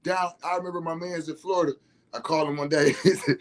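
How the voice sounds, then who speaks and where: A man's voice: on the high side, brisk, long pauses. Laid-back man telling stories. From Detroit, USA. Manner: relaxed, laughing, slangy, many restarts. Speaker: vlogger. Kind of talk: casual storytelling monologue.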